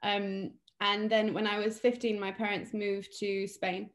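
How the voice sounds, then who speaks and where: A woman's voice: mid-range voice, level tone, a little slow. Young British woman, casual guest, chatty with fillers, mid-range voice. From England. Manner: chatty, lots of fillers and restarts. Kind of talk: casual interview chat.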